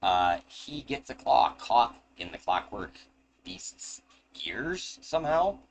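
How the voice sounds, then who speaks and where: A man's voice: lowish voice, big pitch swings, slow. A man narrating and running a tabletop game as game master, casual and joking, with swearing asides. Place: home. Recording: noisy home recording.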